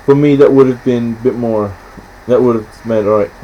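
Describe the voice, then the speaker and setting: A man in casual film chat, rambling and halting, often stopping to restart, acting out scenes in quick quoted voices. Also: medium pitch, steady tone, dull audio, a little hiss or hum. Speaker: podcast host.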